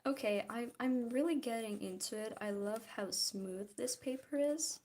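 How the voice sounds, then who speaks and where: A woman's voice: on the high side, normal speed, dark tone. A woman from Belarus with a Belarusian accent, chatting casually while she draws and answers live chat, often restarting her sentences. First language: Belarusian or Russian. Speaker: vlogger.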